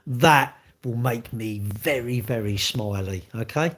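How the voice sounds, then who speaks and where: A man's voice: mid-range voice, slow pace, a bit bright. Blunt man rambling to chat. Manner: blunt, rambling, with frequent restarts and rhetorical questions. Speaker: livestreamer answering chat. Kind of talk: casual live-stream chat.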